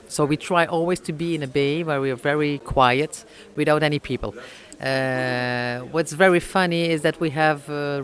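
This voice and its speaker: A woman with a French accent, a French native speaker, answering interview questions slowly in English with many pauses and fillers. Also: sits low. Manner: halting, many fillers, searches for English words. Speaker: oyster company owner.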